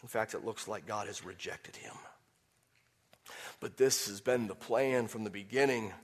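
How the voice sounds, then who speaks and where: A man preaching a sermon, swinging from quiet, measured explanation to loud, impassioned peaks when he quotes scripture. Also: fairly low pitch. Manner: impassioned preaching, rising to near shouts on quotes. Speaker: pastor.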